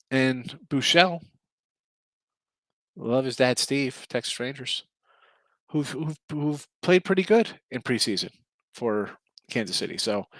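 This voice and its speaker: A man's voice: medium pitch, a bit bright, dry recording. Man, middle-aged, betting show host, tired, rambling chat, dry close sound. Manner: rambling, self-correcting, chatty with viewers. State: tired, yawning. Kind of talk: casual livestream chat.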